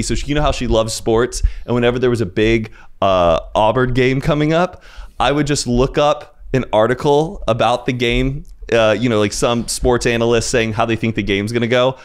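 A young man on a podcast as a guest, telling rambling anecdotes in casual chat, full of "like" and "dude". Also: medium pitch.

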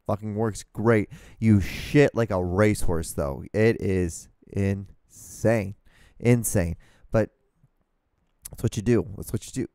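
Male solo podcast host, mellow voice, dry close mic, swears a lot while ranting. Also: lowish voice, no room sound. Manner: profane, exasperated ranting. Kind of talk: casual solo rambling rant. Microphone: studio microphone, talking to camera.

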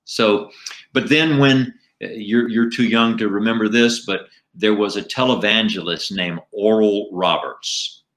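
A middle-aged man, a comedian and ventriloquist, telling animated anecdotes in a casual interview. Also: lowish voice, unhurried.

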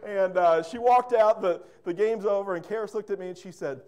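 A man's voice: sits high, a little fast, a little mellow. A man preaching a sermon as pastor, fervent and emphatic, repeating words and breaking into storytelling asides.

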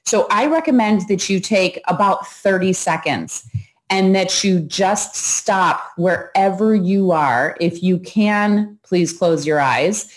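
A woman host talking viewers through a breathing exercise in a calm, instructive way, pausing as she guides each breath. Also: mid-range voice. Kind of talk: coaching talk to viewers.

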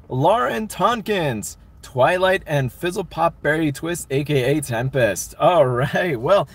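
Young male streamer, slightly high voice, loose and chatty, reads out chat. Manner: chatty, rambling, laughs often. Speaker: livestream host reading chat. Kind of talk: casual live-stream chat.

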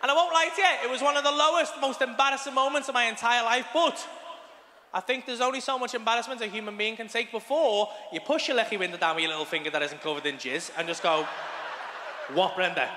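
High-voiced comedian in an arena. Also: male voice, quick pace. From England. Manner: swearing, animated, laughing at his own story, shouting punchlines. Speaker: stand-up comedian. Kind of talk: live stand-up storytelling. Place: large arena stage. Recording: arena reverb with loud crowd noise.

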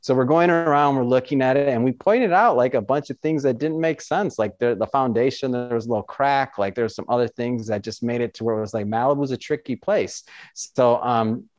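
Man, interview guest, casual and animated, mid pitch, dry dull lo-fi sound. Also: brisk, no echo. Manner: animated storyteller, many fillers and restarts, acts out quoted excitement. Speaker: podcast host and author, interview guest.

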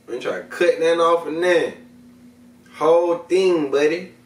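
A man's voice: fairly high pitch, fairly even intonation, moderate pace, echoey room, far from the mic. A man hosting a vlog, chatting casually and profanely straight to his viewers in heavy slang while he reviews what he is smoking. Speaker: video host reviewing smoking products.

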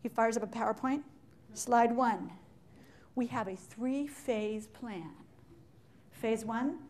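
A woman giving a live business talk to an audience in an animated, joking way, firing questions at the listeners. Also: a little high, slow, pauses often. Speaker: leadership speaker.

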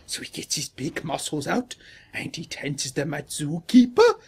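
A boastful French troll fills the game chat, as a man puts him on with a husky, slightly high voice. He speaks in mock-French broken English and tells absurd tall tales with a straight face. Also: wildly swooping pitch, a little slow, full character voice. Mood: boastful storytelling. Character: boastful man putting on a fake French gamer persona. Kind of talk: prank gaming voice chat.

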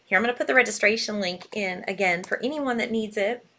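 A woman's voice: mid-range voice, quick pace, sharp tone, a little hiss or hum. A woman hosting a live sale, bubbly and gushing as she talks. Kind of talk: live selling stream.

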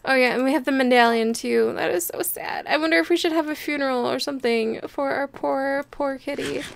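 A woman's voice: high voice, normal speed, creaky, slight background noise. A young woman chatting playfully as she plays a building game and talks her viewers through it, laughing often. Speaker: gameplay video host. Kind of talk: casual game commentary.

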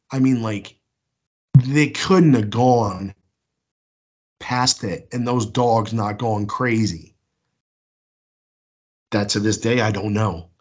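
A young American man tells his story in a loose, rambling way, leaning on "like" and acting out every line he and the others said. His voice sits a bit low and sounds husky. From United States. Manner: rambling, many "like" fillers, acts out his own past lines. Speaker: caller sharing an encounter. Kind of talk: casual spoken storytelling.

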